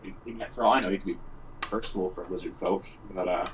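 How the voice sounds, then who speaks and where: A man's voice: deep voice, steady tone, fast, recorded from a distance, background noise. A man playing a cleric in a tabletop game, talking hesitantly with many fillers. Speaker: player. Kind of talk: casual chat about a tabletop game.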